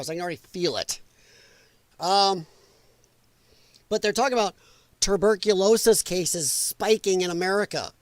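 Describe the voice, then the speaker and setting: Male live-show host, high-pitched, heated and profane, dry close sound. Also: dry recording. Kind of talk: ranting live commentary.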